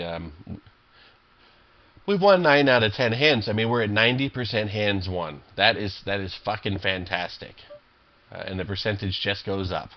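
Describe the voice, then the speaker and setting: A man's voice: low-pitched, highs cut off. A man commentating his own online poker games, irritable and swearing, rambling with lots of fillers and restarts. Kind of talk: profane live game commentary.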